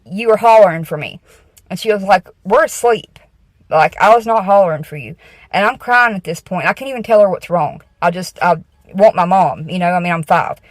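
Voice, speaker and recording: A woman's voice: mid-range voice, dry recording, low-quality recording. A woman, telling a true ghost story in a casual, tense way and often asking "okay?". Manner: tense, repeating "okay?" to the listener.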